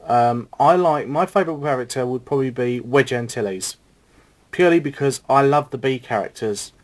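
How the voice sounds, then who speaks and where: A man's voice: medium pitch, normal speed. A middle-aged man, chatting casually in a video blog and answering questions with rambling enthusiasm. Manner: enthusiastic, rambling with restarts and fillers.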